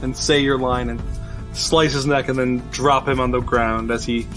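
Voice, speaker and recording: A man running a tabletop role-playing game as game master, chatty and quick with frequent laughter. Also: medium pitch, steady tone, a bit bright, faint music behind.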